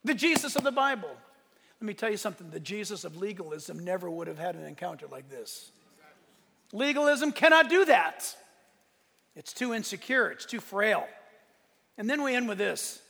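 A man's voice: high-pitched, big pitch swings, moderate pace, creaky, pushed and bright. A man preaching a sermon as pastor, impassioned, swelling and dropping in force. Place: church sanctuary. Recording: long reverb of a large hall.

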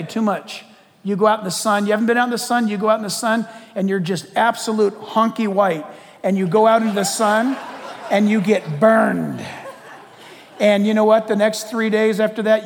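A man preaching a sermon as pastor, animated and joking, acting out little voices of gossipers. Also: high-pitched, normal speed, big-room sound. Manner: animated preaching with playful asides and acted-out gossip.

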